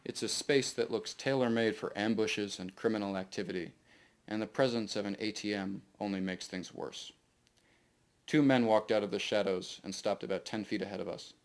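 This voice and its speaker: A man reading his own novel aloud to a live audience in steady first-person narration. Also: lowish voice, normal speed, clean tone.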